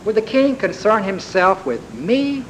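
A man's voice: high voice, big pitch swings, unhurried, pitched above the performer's own voice, rough recording. A man voicing a bold, devout young warrior in his own earnest preaching voice. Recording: faint background hiss.

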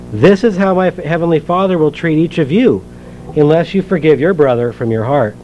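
A man's voice: on the high side, fairly quick, dull audio, faint music behind. A man preaching a sermon in a conversational way, asking the congregation questions and reading scripture aloud. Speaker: pastor.

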